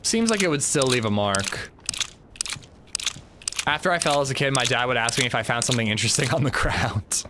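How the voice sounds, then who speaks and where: Lively joking man streaming a game. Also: mid-range voice, a little fast, pauses often, background noise. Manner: animated, joking storytelling. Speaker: gaming livestream host. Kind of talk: casual chat while playing.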